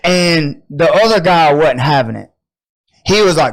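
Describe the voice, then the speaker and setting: A man on a podcast telling a story in a loose, animated, profane way and acting out the people in it. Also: fairly high pitch, normal speed. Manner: animated, profane, acts out quotes. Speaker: podcast host. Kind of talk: casual storytelling.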